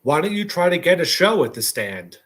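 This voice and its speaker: A man's voice: a little high, very animated, brisk, fairly bright tone. Man with a slightly raised voice, dry questions. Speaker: podcast guest. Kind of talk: casual chat.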